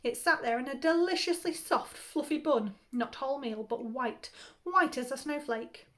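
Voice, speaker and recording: Brief: a teacher reading a comic children's story aloud, high-voiced and playful. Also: female voice, moderate pace. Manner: animated, playful comic timing. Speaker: primary school teacher.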